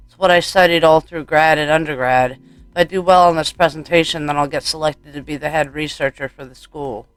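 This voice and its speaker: Smooth-voiced man reading a horror game. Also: fairly high pitch, fairly even intonation, moderate pace, fairly bright tone, dry recording, faint music behind. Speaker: let's play gamer.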